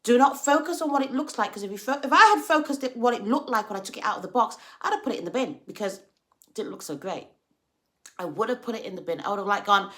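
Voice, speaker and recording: A woman talking casually in a livestream about faith, chatty and animated, acting out little quoted exchanges. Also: fairly high pitch, fast talker. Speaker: vlogger sharing faith reflections.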